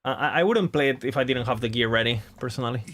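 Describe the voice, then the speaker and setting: A man's voice: medium pitch, quick pace, fairly bright tone, a little hiss or hum. A man chatting casually on a game stream as its host, rambling along and often laughing at himself. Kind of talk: casual live-stream chat.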